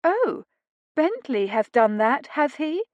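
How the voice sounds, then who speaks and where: A woman narrator voicing a spirited young noblewoman who teases her husband in brisk, tart lines. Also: sits high, big pitch swings, a little mellow, no echo, voice pushed up, exaggerated voice. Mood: teasing. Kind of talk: audiobook dialogue reading.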